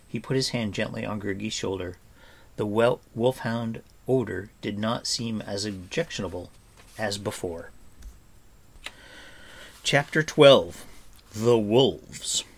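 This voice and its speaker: A man reading a fantasy novel aloud as audiobook narrator, soft and even. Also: lowish voice, slow, creaky, long pauses. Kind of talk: scripted narration.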